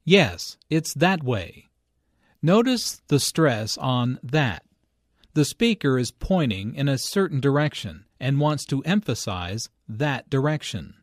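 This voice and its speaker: A man narrating an English lesson, explaining phrases slowly and deliberately, stressing key words. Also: medium pitch, very animated, no room sound, clean studio sound. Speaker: English teacher.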